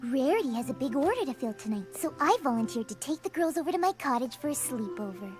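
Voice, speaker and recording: A shy little cartoon pony, soaring high and sing-song with a hushed, breathy softness. She frets and coaxes in a sweet, timid way, with children's show music playing under her lines. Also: sing-song, fast. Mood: sweet, gentle. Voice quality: soft, breathy and hesitant. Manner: sweet, fretful, speaks quietly. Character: timid gentle young female pegasus pony. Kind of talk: cartoon voice acting.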